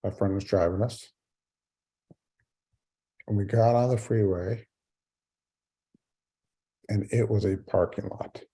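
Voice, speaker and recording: A man's voice: on the low side, steady tone, slow, long pauses, dark tone, slightly rough. A middle-aged man giving a keynote speech on a video call, telling a personal story with wry, self-mocking humor. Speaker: keynote speaker.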